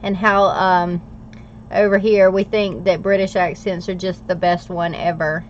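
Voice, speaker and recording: A woman's voice: lowish voice, level tone, measured pace, lo-fi sound, a little hiss or hum. An American woman hosting a livestream, chatting casually with viewers and laughing often as she works. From United States. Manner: chatty, laughs often, talks while working. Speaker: planner livestream host. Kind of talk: casual chat with live viewers.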